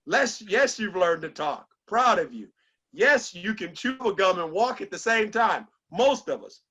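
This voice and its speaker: A middle-aged man speaks in a notably high, bright voice as he gives a motivational talk to a small group. He tells stories in an animated way and acts out the lines he quotes. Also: slightly rough, rough recording.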